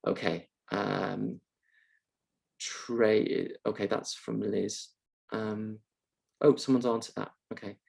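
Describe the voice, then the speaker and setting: A man's voice: on the low side, fairly even intonation, slow pace, creaky, long pauses, darkish tone, husky. A male university lecturer answering questions in a live online session, thoughtful and hesitant with many ums and uhs, speaking on a video call.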